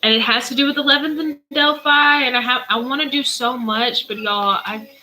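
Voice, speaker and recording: A woman's voice: high-pitched, moderate pace, pushed and bright, a little hiss or hum, low-quality recording. A woman, chatting casually on a livestream as a spiritual reader, answering viewers' questions in a playful, easily sidetracked way. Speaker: spiritual reader hosting a live Q&A.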